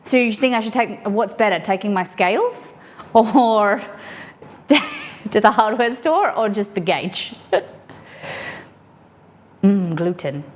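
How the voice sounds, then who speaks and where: A woman's voice: mid-range voice, animated, slow, pauses often. A young adult woman chatting casually while cooking on a live stream from her home kitchen, playful and rambling with giggly asides.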